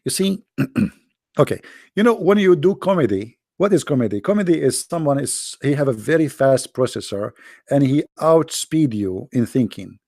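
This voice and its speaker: A man's voice: mid-range voice, animated, moderate pace, vocal fry, mellow, dry recording, clean studio sound. A man with joking and rambling in a teasing voice chat. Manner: teasing, rambling, non-native phrasing. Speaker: chat room speaker.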